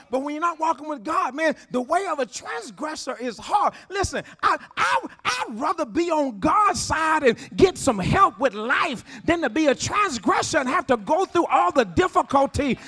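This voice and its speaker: A man preaches with fervor, his voice pitched very high and ringing bright. He repeats his phrases and calls for responses, building to shouts. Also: animated, normal speed, hardly any pauses. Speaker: pastor. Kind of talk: sermon.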